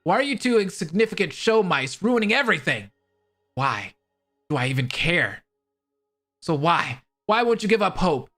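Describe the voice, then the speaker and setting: A man's voice: sits high, sing-song, fairly bright tone, soft background music, exaggerated voice. A man voicing a cold, scheming male villain in a fan voice drama, taunting and contemptuous. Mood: frustrated. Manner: taunting, contemptuous, slow and menacing.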